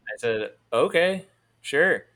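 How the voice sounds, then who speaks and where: A man telling a long story in a casual chat, in a fairly monotone, rambling way with many restarts. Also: fairly high pitch, takes it slowly.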